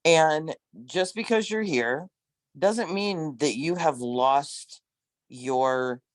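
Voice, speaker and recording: A man who once worked as a corrections nurse, telling stories in a casual discussion with emphatic, animated delivery and frequent laughs. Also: a little high, drawn-out words, no echo. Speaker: former corrections nurse, guest.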